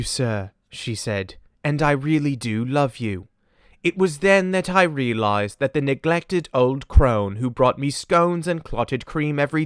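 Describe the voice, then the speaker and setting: A man doing a clueless young English royal reads his own audiobook in a put-on English accent, solemn and deadpan no matter how absurd the confession. The voice is smooth and clear at an ordinary pitch. The recording is close and dry, like a studio booth. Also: no room sound, natural voice. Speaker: comedian. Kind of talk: parody audiobook narration.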